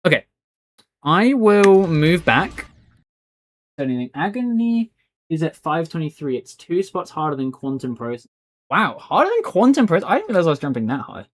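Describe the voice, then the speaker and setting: A man's voice: fairly high pitch, animated, moderate pace. Guy streaming a game, rambly chill talk, bro this bro that, voice jumps up and down a lot. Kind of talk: live gameplay commentary.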